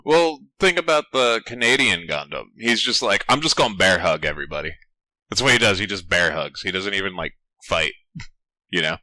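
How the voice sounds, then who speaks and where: A man co-hosting a podcast, retelling scenes in an animated way with plenty of swearing. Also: fairly low pitch, normal speed, no room sound. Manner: animated storytelling, swearing, laughing. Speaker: podcast co-host. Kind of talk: casual chat.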